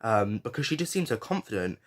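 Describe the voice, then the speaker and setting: Reviewing a reality show on his podcast, this man is very animated and a little fast, with a fairly low pitch. He talks frankly and casually, swearing freely, with plenty of fillers and restarts.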